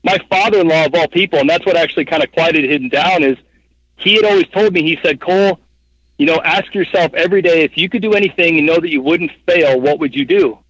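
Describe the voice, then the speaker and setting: A man in his thirties spins a long, filler-heavy story in a lively, rambling way as a podcast guest. His voice sits somewhat high, and the close, dry recording sounds dull and lo-fi. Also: fast, no room sound. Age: 30s. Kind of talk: casual storytelling interview. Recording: dull, muffled podcast audio.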